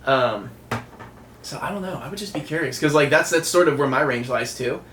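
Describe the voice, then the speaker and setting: A man's voice: on the high side, a little fast, fairly bright tone, slight background noise. A man working as a music producer, reacting in casual commentary, thinking aloud with lots of filler words. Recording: echoey room with faint music behind. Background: faint music.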